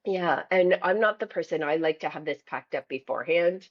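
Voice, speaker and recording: A woman's voice: sits low, moderate pace. A woman co-hosting a podcast in casual chat, easygoing and affirming. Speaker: podcast co-host. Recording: slightly muffled lo-fi audio.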